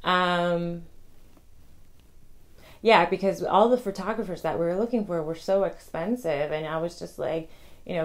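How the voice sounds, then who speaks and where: Young female vlogger, lower register, chatty and quick, casual to-camera tips. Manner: chatty, rambling, many ums and restarts; talks fast. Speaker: vlogger sharing wedding tips.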